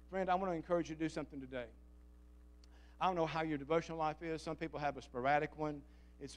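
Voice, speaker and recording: A man's voice: fairly high pitch, steady tone, very fast. A man preaching a fervent sermon as pastor, calling out to the congregation for responses. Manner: fervent, calls for audience response.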